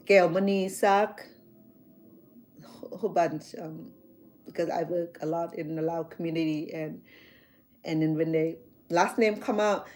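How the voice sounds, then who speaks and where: A middle-aged Cambodian woman with a Khmer accent chats casually as a chef and vlogger, rambling with many fillers and restarts. Her voice is lowish with a darkish tone.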